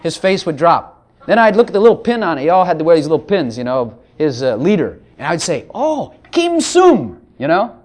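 Animated preacher man. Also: on the high side, quick pace. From Texas. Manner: animated, jokey, reads scripture aloud. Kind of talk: sermon.

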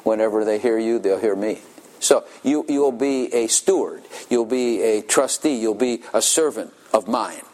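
A man's voice: fairly low pitch, moderate pace, dark tone. An older man preaching a sermon in a folksy storytelling manner, chuckling often.

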